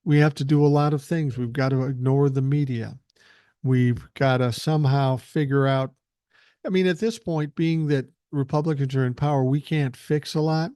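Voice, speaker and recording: A man's voice: medium pitch, fairly even intonation, moderate pace, mellow, smooth, dry recording. An older man hosting a podcast, delivering a blunt, profane and angry political monologue into a close mic. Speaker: podcast host.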